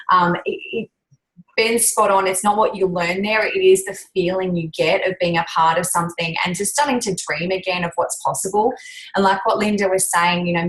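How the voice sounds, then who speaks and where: A woman's voice: mid-range voice, a bit bright, rough recording. A woman giving an earnest, chatty motivational testimony on a team call. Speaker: team member.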